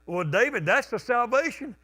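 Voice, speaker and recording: A male pastor preaching a conversational sermon, stumbling over restarts and bursting into loud call-outs. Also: extremely high pitch, expressive, moderate pace, slightly rough. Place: church sanctuary.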